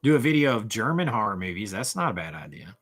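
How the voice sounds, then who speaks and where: A man in his forties chatting casually on a livestream, with a bright, forceful tone. His pitch swings all over as he reacts to chat comments. He rambles and restarts his sentences often. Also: very animated, fast, slightly rough. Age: 40s. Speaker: livestream host.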